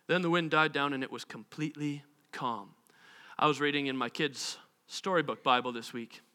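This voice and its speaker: A man's voice: on the high side, moderate pace, bright, forceful tone, smooth. A man in his thirties preaching a sermon, a pastor who acts out the voices of the people in his stories.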